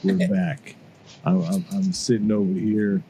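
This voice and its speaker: A man's voice: on the low side, very animated, creaky, noisy background. A congested man co-hosting a casual podcast, joking and stretching out his phrases. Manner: loose, joking, drawn-out phrasing. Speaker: podcast co-host. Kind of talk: casual chat.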